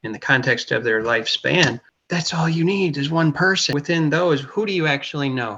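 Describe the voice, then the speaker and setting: A man's voice: mid-range voice, creaky, pushed and bright, husky, dull audio. A man hosting an interview, chatting casually and encouragingly, acting out little quotes as he goes. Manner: encouraging, speaks in quick bursts with acted-out quotes. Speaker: interview host.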